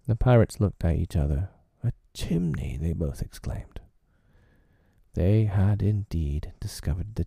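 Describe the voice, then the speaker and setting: Slow, dark-toned male narrator for a storybook reading; husky, dry close sound. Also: deep voice, no room sound.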